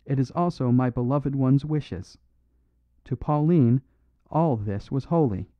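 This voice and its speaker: A man voicing a tall, ranting male sun-cult prophet, loud and blustering, on a dry, phone-like recording. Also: medium pitch, expressive, unhurried, dry recording, natural voice. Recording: dry phone-like narrow sound.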